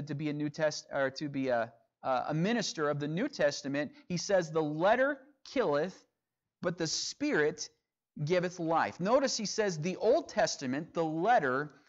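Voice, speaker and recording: A man teaching a sermon, reading scripture aloud and explaining it verse by verse. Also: on the high side. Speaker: preacher. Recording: dull lo-fi sound.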